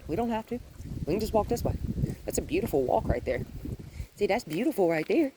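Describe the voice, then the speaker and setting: A woman dog trainer walking a dog outdoors, explaining her steps calmly and praising the dog in a high, happy voice. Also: brisk. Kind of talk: hands-on training demonstration. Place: outdoors in a yard with trees. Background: faint wind.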